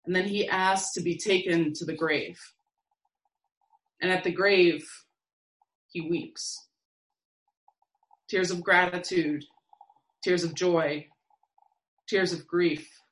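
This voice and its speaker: A woman preacher giving a sermon in a slow, measured, reflective way with long pauses. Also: on the low side, fairly even intonation, roomy sound, poor audio.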